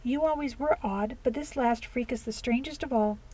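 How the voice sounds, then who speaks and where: Female narrator voicing a worldly young society lady, high and theatrical, mellow tone. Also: fairly quick, lightly acted. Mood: dismayed. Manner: exclaiming, theatrical dismay. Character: fashionable young society woman, dramatic and worldly.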